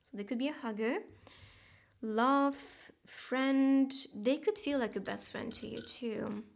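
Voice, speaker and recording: A woman doing a casual tarot reading, talking gently and chattily, laughing often and dropping into soft whispered asides. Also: a little high, slow pace, vocal fry. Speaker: tarot reader.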